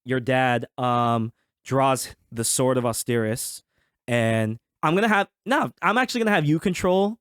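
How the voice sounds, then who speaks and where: A man acting as game master, narrating a tabletop fantasy game in a relaxed, chatty way with many hesitant fillers. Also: medium pitch, unhurried, clean tone, no echo, studio quality.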